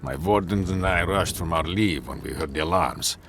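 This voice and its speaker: A man voicing a gruff, weary male dwarf tower commander in a video game, speaking grimly and bluntly. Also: deep voice, moderate pace, fairly bright tone, faint music behind. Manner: grim, blunt, gravelly.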